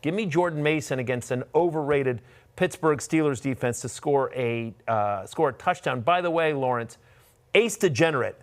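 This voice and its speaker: A man hosting a sports show, chatty and animated, talking in quick bursts. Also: medium pitch. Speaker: host. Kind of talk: casual sports podcast chat.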